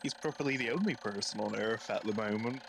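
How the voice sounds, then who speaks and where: A man's voice: fairly low pitch, a little fast, creaky, background noise. A British man co-hosting a casual live stream, joking and bantering playfully. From Britain. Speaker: co-host.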